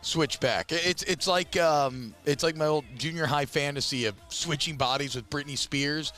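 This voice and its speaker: Joking, fast-rambling sports radio man. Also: on the high side, pushed and bright, faint music behind. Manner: joking, rambling and self-mocking. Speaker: radio show co-host. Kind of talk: casual sports radio banter. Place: radio studio.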